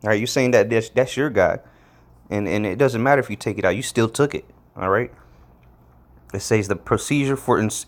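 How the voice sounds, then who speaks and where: A man's voice: on the low side, moderate pace. A man giving a casual, blunt scripture lesson, rambling and repeating words as he leans hard on the words he wants to stress. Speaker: preacher.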